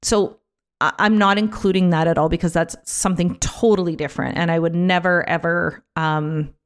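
A woman talking casually on her own podcast, chatty and animated, with many fillers and restarts, sometimes acting out other people's voices. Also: on the low side, moderate pace. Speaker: podcast host. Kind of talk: casual solo podcast talk.

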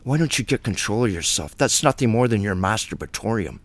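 A man's voice: mid-range voice, big pitch swings, brisk, hardly any pauses. A man hosting a Bible study, preaching in a blunt, fiery, plain-spoken way.

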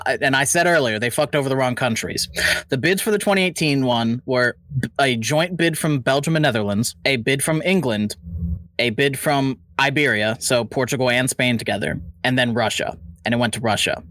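A man's voice: medium pitch, fairly bright tone, no echo. A man co-hosting a podcast, explaining a topic at length in a rambling, casual way with many fillers. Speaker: podcast co-host presenting the topic.

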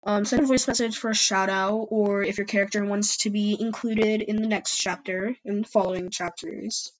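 A woman's voice: medium pitch, fairly even intonation, normal speed, poor audio. A woman narrating an amateur fan story and chatting to listeners, hesitant and full of fillers. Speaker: storyteller and channel host.

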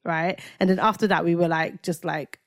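A woman's voice: lowish voice, fairly even intonation, normal speed, no room sound, clean studio sound. A woman in her thirties co-hosting a podcast, chatting in an emphatic way and repeating her points. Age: 30s. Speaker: podcast co-host. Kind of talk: casual chat.

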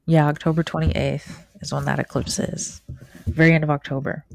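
A woman's voice: deep voice, flat delivery, moderate pace, creaky, darkish tone, a little hiss or hum. A woman co-hosting a casual podcast chat about astrology, laid-back and hesitant, trailing off with fillers. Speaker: podcast co-host.

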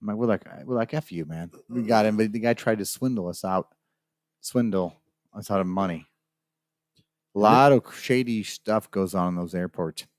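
Low-voiced man spinning a rambling story. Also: moderate pace, dry recording, clean studio sound. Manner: rambling storyteller, acts out the people in his story. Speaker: podcast co-host. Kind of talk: casual chat, telling a long anecdote. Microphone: studio mic.

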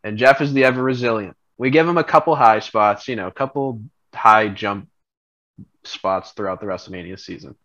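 A man co-hosting a podcast, casually laying out a long, rambling story pitch. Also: moderate pace, dull audio. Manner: rambling, animated storyteller, laughs often. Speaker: podcast co-host.

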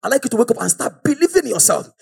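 Preacher man, real high voice that swings all over, shouts a lot. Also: very animated, racing, gravelly, breathy edge. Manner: fiery, exhorting, often shouting. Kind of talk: sermon.

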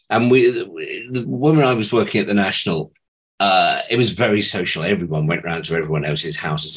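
A man's voice: lowish voice, a bit bright, rough recording. A middle-aged man, a former child actor, telling amused anecdotes about his acting days in a chatty interview.

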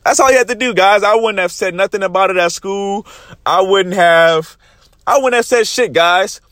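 Young man, raised pitch, heated and profane, talking straight into a phone, dry close sound. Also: normal speed, a bit bright, no room sound. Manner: profane, fired-up, repeatedly addresses "guys". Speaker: vlogger. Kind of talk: passionate storytelling monologue.

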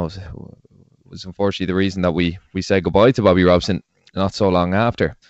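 An Irish man with a deep, smooth voice co-hosting a podcast. He tells past events in a relaxed, steady way. The sound is dry and dull, as on a lo-fi recording. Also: dry recording. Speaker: podcast co-host. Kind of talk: casual podcast chat.

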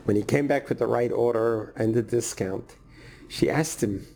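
A man preaching a sermon and telling a story, speaking slowly and emphatically with deliberate pauses. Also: mid-range voice, mellow.

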